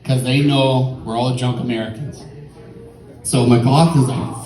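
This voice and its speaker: A man's voice: mid-range voice, fairly even intonation, a little slow, darkish tone, echoey room, far from the mic, poor audio. A tipsy man telling a rambling, profane story in a stand-up set at a comedy club.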